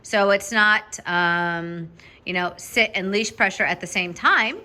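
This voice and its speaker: A woman dog trainer coaching a student through a lesson in an upbeat, directive way, often checking in with "okay?" and breaking into bursts of high praise for the dog. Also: slow, pushed and bright.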